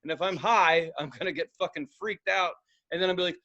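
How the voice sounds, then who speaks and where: A man's voice: sits high, a little fast, pushed and bright. A man co-hosting a podcast, telling rambling, profane stories in casual chat and acting out the people he quotes. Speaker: podcast co-host.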